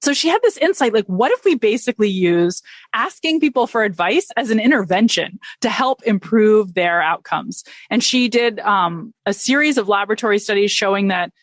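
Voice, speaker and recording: A middle-aged woman researcher, a guest on a podcast, explaining with quick enthusiasm and frequent restarts. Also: medium pitch, animated, no room sound. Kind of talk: podcast interview.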